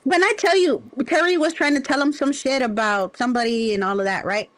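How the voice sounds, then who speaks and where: A high-pitched woman hosts a livestream and runs through heated gossip, swearing and stressing her words as she tells the story. Her voice is close and dry, with no room sound around it. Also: brisk, no room sound. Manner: profane, emphatic, animated storytelling. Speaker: livestream host.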